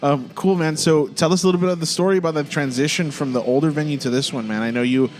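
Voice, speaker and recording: Rambling podcast host. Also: male voice, a little high, steady tone, fast talker. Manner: rambling questions, lots of fillers. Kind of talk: casual podcast interview.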